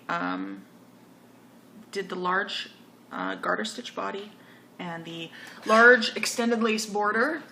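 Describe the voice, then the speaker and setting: A woman's voice: mid-range voice, creaky, bright, forceful tone, slight background noise. A woman hosting a knitting video podcast, talking casually and rambling through her finished projects. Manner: chatty, rambling, self-correcting. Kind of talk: casual show-and-tell chat.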